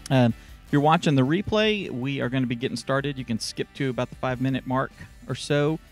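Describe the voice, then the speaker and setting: A man hosting a casual live stream show, playful and joking while he sets things up. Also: mid-range voice. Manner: playful, jokey, multitasking. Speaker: show host.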